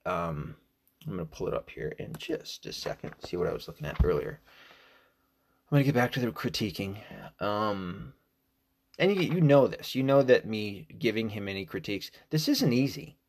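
Male podcast host, 40s, American, lowish voice, loose profane solo rambling. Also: very animated, moderate pace. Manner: rambling, profane, jumps to loud mocking quotes. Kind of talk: casual solo commentary.

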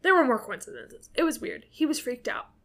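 A woman's voice: high voice, wildly swooping pitch, fairly quick, a bit bright. A woman co-hosting a podcast, recapping a movie in a rambling, casual way full of fillers and the odd swear. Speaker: podcast co-host.

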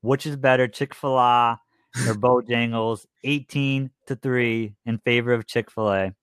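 A young man co-hosting a casual podcast, teasing his co-host and quickly reading out poll results. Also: medium pitch, steady tone, a bit bright, smooth, dry recording.

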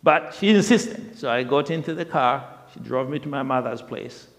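Animated man telling his testimony. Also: medium pitch, moderate pace. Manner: animated storyteller, laughing and repeating himself. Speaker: speaker sharing a testimony. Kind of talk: personal testimony storytelling. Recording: long reverb of a large hall.

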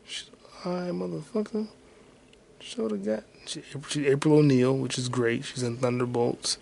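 A man's voice: mid-range voice, normal speed, creaky, husky. A man hosting his own podcast solo, rambling casually and profanely while muttering to himself as he searches online. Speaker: podcast host.

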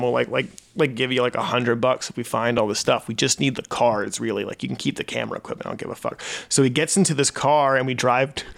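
A man's voice: medium pitch, gravelly, fairly bright tone. A young man, a musician guest on a podcast, telling a long story in a loose, rambling way, full of "like" and laughs. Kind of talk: casual podcast chat.

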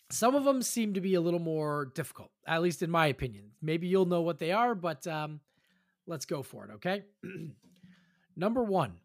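Chatty podcast host with many fillers. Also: medium pitch. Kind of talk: casual podcast chat.

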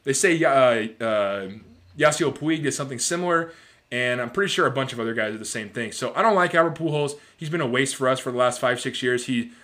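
Man, thirties, podcast host, casual rant, animated, swearing, filler words. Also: mid-range voice.

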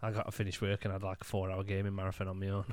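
A man's voice: deep voice, completely flat delivery, very fast, a little mellow, clean tone, no room sound. A man, co-hosting a casual podcast chat and telling rambling stories. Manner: rambling storyteller, mimics friends' voices in anecdotes. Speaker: podcast co-host.

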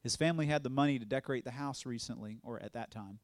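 A male evangelist shares his testimony from the pulpit, a lively storyteller who slips into the voices of the people in his story and laughs easily. His voice sits at an ordinary middle pitch. The sound is dry and close, with little room around it. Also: fast, no echo. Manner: animated storytelling, acts out quoted voices, laughs often. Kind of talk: testimony sermon.

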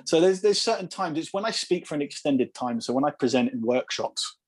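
Husky English man in his thirties, podcast guest; halting, reflective, slight American twang creeping in. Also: a little high, animated. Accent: English, with an occasional American twang. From England. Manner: reflective, halting, with frequent restarts. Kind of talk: casual conversation.

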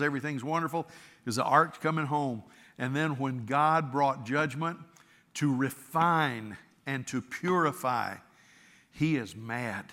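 Preaching as pastor, this man speaks in an earnest, conversational way and frequently restarts what he's saying. His mid-range voice comes across pushed and bright, trailed by long reverb.

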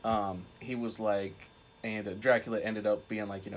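A man's voice: lowish voice, little pitch movement, moderate pace, slight background noise. A young man co-hosting a podcast, retelling a film in a rambling, casual way, swearing often and filling with "like". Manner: rambling, swears a lot, heavy use of "like". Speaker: podcast co-host. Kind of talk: casual chat.

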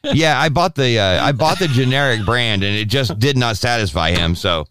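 Animated radio co-host. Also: male voice, medium pitch, normal speed, a little hiss or hum. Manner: animated storytelling, acts out his pets. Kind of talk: casual morning show banter.

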